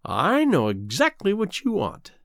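A man voicing a cruel, scheming female sea witch in a storybook reading, with a slow, taunting delivery. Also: high-pitched, wildly swooping pitch, creaky, no echo, clean studio sound, pitched above the performer's own voice, heavily acted.

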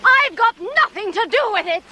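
A woman's voice: very high-pitched, expressive, normal speed, very noisy. An actress playing a furious, jealous woman who bitterly berates her lover in a period film drama. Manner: bitter, shouting, scornful.

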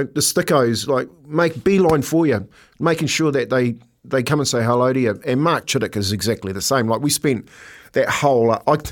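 An older man co-hosting a casual radio chat, telling stories and laughing often. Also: medium pitch. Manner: chatty storyteller, laughs often. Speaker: co-host.

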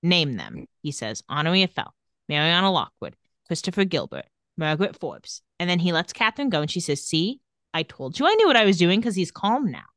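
A woman's voice: fairly low pitch, sing-song, brisk, a bit bright, no room sound, clean studio sound. A woman co-hosting a casual podcast, retelling scenes and quoting characters' lines, laughing often. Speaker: podcast co-host recapping a TV episode. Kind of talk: casual chat.

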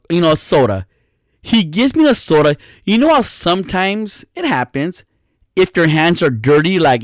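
A man telling a casual, profane story with an animated, exaggerated sense of disgust. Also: mid-range voice, no room sound, studio quality.

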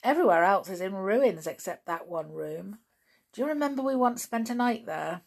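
An eager, practical boy from a children's adventure storybook, as a woman reads him aloud. His voice bounces with lively pitch and a slight gravelly edge. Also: moderate pace.

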